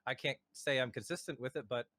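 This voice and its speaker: A young man hosts a casual podcast from home over a voice call, his voice at a middling pitch. The sound is dry with no room echo, and he rambles, filling the gaps with ums and uhs. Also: fast talker, pushed and bright. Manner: rambling, many fillers and restarts. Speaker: podcast host. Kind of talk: casual chat. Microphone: home mic over a voice call.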